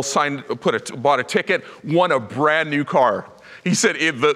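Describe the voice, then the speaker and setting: A man's voice: fairly high pitch, fairly bright tone. A middle-aged man preaching a sermon, telling stories animatedly and acting out the voices in them. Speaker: pastor. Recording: reverberant church hall.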